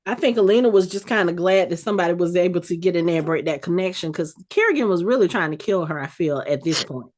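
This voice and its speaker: A woman podcast host casually recapping a TV episode, telling the story with animated energy and acting out the characters' lines. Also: fairly low pitch, fast, hardly any pauses. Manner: animated storytelling, acts out quotes.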